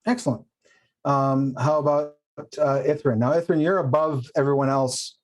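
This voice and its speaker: A man acting as game master of a tabletop game, explaining rules and options patiently and in a measured way. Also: mid-range voice, fairly even intonation. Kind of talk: running a tabletop game online.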